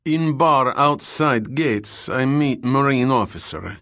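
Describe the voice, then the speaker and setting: A man's voice: mid-range voice, takes it slowly, a bit bright, no room sound, clean studio sound, voice pushed up. Young Russian navy officer, male, heavy Russian accent, broken formal English, polite, a man doing him.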